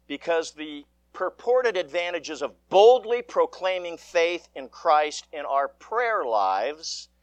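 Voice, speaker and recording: A male pastor delivers a gospel reading and a sermon in church. His slightly high voice moves through a very wide range, and he speaks slowly with dramatic stresses. The sound is close and dry, with no room echo. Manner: measured, lively preaching with dramatic emphasis.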